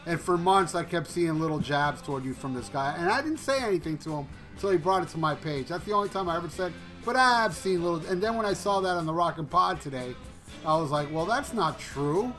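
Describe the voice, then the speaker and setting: Podcast co-host, male, high and bright, quick with the jokes. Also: animated, soft background music. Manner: joking, chuckling asides. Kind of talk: casual podcast banter.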